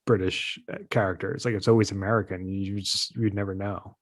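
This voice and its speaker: Male co-host, low voice, relaxed, sentences trailing off. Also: brisk. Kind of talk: casual chat.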